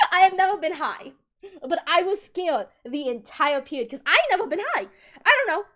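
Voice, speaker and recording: A woman's voice: very high-pitched, moderate pace. A young woman streaming live, telling school stories to her chat in a casual, giggly way, acting out quoted lines. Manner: giggly, animated, acts out quotes.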